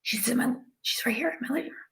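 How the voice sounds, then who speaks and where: A woman medium channels spirits live from her living room. She sounds flustered and keeps slipping into hushed, whispered asides. Her voice is fairly high with a gravelly fry. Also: fast. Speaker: psychic medium.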